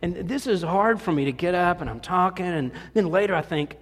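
A man's voice: high voice, lively intonation, a little fast, few pauses. A middle-aged man, a pastor preaching a conversational sermon in a church. He talks in a folksy, self-deprecating way and often restarts his sentences. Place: church sanctuary. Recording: long hall reverb.

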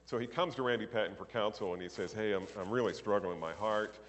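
A man preaching, telling an anecdote in animated storytelling style and acting out the characters' lines. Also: lowish voice, fast talker, in a large hall, slight background noise. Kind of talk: sermon storytelling.

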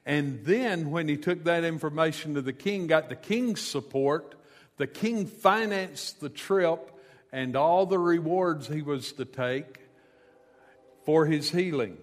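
A pastor delivers a sermon at an unhurried pace, telling a scripture story with casual asides. His voice sits a bit high for a man. The sound carries a long reverb, as from a large hall.

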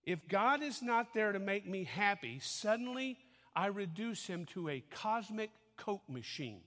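A man's voice: sits high, sing-song, a little slow, a bit bright, long reverb tail. A man preaching a sermon in a conversational way, often checking that his listeners follow him. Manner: conversational preaching, asks audience to follow along. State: out of breath after dancing. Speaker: pastor.

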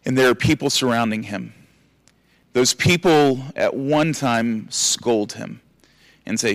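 Pastor giving a lively sermon, dry close sound. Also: male voice, medium pitch, takes it slowly, dry recording. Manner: animated, acts out scolding and encouraging voices.

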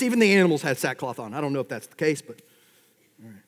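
A man with a fairly high-pitched voice preaches a lively sermon, rising to loud, emphatic runs and then dropping low for quieter asides. He keeps a wry, joking touch between the serious points. His voice carries a long reverb, as if it fills a large hall. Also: fast talker. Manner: animated preaching with sudden swells and drops in loudness, wry humor. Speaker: pastor.

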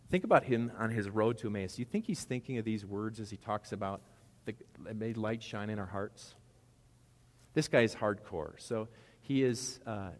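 A man with a fairly low voice preaches a sermon in a church, his words ringing out with a long hall echo. He talks to the congregation in a casual, animated way, slipping into asides as he goes. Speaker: pastor.

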